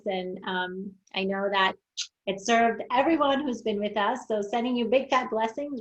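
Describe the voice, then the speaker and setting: A woman hosts a casual interview in a mid-pitched voice. She is effusive and keeps thanking her guest. Her talk is loose and conversational. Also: highs cut off. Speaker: interview host.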